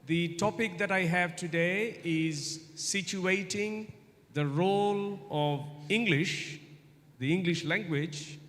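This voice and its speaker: A man with a high-pitched, slightly bright voice delivers a relaxed guest lecture to university students in a big hall, and the recording carries a long reverb. He keeps the audience involved by repeating questions to coax replies, speaking slowly and deliberately with repetitions.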